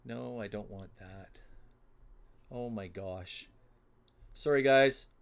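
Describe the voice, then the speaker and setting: Slow, flustered man muttering on a livestream. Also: on the low side, gravelly. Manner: flustered, muttering to himself while fumbling with software. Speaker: livestream host running a giveaway. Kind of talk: casual solo livestream chat.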